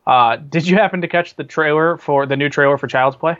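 Man, fairly high voice, casual rambling podcast chat, lots of fillers, slightly muffled lo-fi sound. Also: fairly quick, fairly bright tone. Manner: chatty, rambling, many fillers and restarts. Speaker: podcast co-host. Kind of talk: casual chat about movies and TV.

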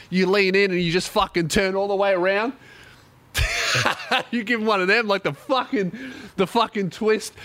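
A man's voice: sits high, pushed and bright, no room sound. A young man telling a profane comic story, laughing often. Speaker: comedian host.

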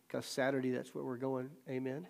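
A man's voice: medium pitch, a little slow, gravelly. A man pastor leading a Bible study, telling stories with acted-out quotes and frequent laughter. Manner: lively storyteller who laughs often and acts out quotes.

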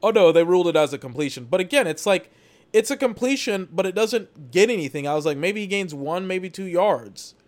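A man's voice: high voice, animated, brisk. Exasperated man doing a game watch-along. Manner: exasperated, rambling, swears. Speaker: podcast host watching a game. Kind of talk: live watch-along commentary.

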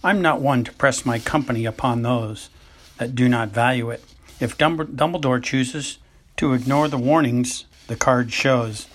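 A man reading aloud as an eccentric older woman seer, hesitant and halting, with a husky voice. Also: mid-range voice, lightly acted. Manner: hesitant, halting with ums and uhs. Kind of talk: amateur audiobook reading.

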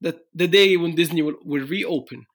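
A man's voice: on the high side, moderate pace. A man hosting a podcast, signing off in a loose, rambling way with many fillers. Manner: relaxed, rambling sign-off with fillers. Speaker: podcast host. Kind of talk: casual podcast chat.

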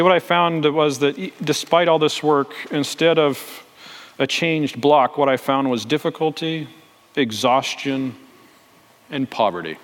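Pastor, high voice, echoing hall. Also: male voice. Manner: acts out the voices of the people in his stories. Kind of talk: sermon storytelling. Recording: long reverb in a large hall.

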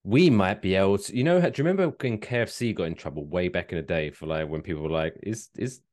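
A man co-hosting a podcast, chatting casually and joking through odd news stories with big swings in his voice. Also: fast talker. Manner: lively, jokey, reads news out loud with big pitch swings. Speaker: podcast co-host. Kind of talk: casual chat.

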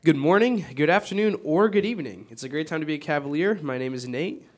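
A man's voice: on the high side, quick pace, faint music behind. A young man hosting a casual student podcast, upbeat and playful, often laughing. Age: young adult. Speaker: podcast host.

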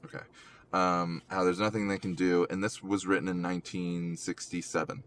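A young man hosting a casual podcast, talking haltingly with many ums and restarts, in an emotional way, from a car. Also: deep voice, flat delivery, a bit bright, slight background noise. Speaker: podcast host.

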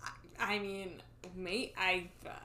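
A woman's voice: medium pitch, fairly even intonation, slow, bright, forceful tone, slight background noise. A woman co-hosting a podcast, chatting casually and poking fun at a movie with easy laughs. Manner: wry, laughs easily, mocks the film. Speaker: podcast co-host. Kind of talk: casual chat reviewing a movie.

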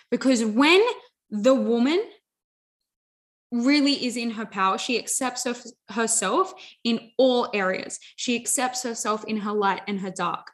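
A young adult woman giving an earnest motivational talk, repeating phrases and often saying "you know" and "like". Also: a little high. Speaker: self-help speaker.

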